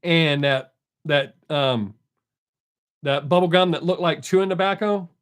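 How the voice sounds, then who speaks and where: A man's voice: a little high, steady tone, measured pace, clear, resonant tone. An older man hosting a live stream, in casual folksy chat, joking and greeting viewers from the chat by name.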